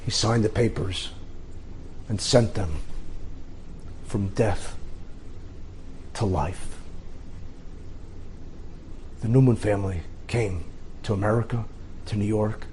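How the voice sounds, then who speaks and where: Slow, dramatic male rabbi storyteller. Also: lowish voice, darkish tone, a little hiss or hum. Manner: dramatic, halting phrases with pauses. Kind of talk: inspirational story lecture.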